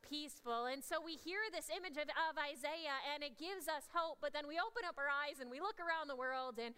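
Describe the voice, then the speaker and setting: Woman pastor, high bright voice, earnest sermon, long church reverb. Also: a little fast. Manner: earnest, swings between hushed and emphatic. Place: church sanctuary.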